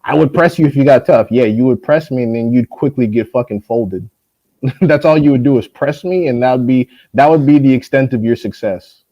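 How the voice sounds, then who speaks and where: A young man is hosting a boxing stream, and his voice sounds dark and mellow as he rants and curses at a viewer. He keeps slipping into high, mocking imitations, and the audio is muffled and lo-fi. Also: normal speed. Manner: profane, mocking, mimics others in high voices. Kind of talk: heated casual live-stream rant.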